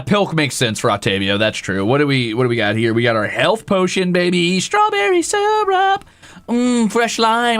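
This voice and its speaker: A man's voice: medium pitch, gravelly, fairly bright tone, no echo. A male streamer chatting casually with his viewers, rambling and poking fun at himself. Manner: rambling, self-deprecating, talks to chat. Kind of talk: casual livestream chat.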